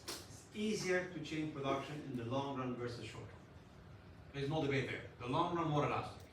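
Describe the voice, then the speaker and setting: A man lecturing a university class in an animated way, putting questions to students and joking. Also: medium pitch, normal speed, recorded from a distance. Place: lecture hall. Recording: echoey hall, voice from afar, faint noise.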